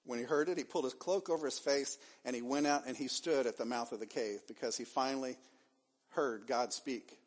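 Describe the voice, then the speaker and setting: A man's voice: mid-range voice, brisk. A man preaching a sermon as pastor, acting out the figures' lines with dramatic swings. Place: church sanctuary.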